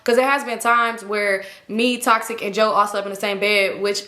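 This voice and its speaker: A young woman telling a storytime tale to her viewers in a casual, animated, slangy and profane way. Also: mid-range voice, moderate pace, roomy sound. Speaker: storytime vlogger.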